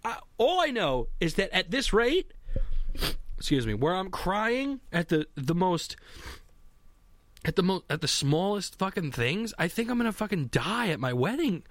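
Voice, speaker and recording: Rambling young man, lively voice. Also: high-pitched, a little slow, no room sound. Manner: rambling, swearing, self-mocking. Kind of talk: casual solo monologue. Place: home basement.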